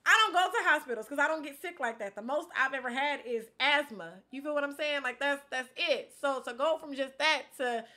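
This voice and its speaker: A woman vlogger from Inglewood, California, with a bright, high voice tells casual life-update stories, talking fairly quickly with few pauses. She's animated, expressive, and slangy, switching between loud outbursts and quiet asides.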